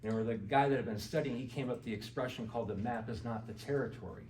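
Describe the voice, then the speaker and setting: A man's voice: medium pitch, fast, a little mellow, a little hiss or hum. Man lecturing in an echoey hall. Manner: conversational, quizzes the audience, many "you know"s. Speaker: garden club speaker and author. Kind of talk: casual lecture to a live audience. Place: indoor meeting hall with audience. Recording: echoey hall recorded from far off.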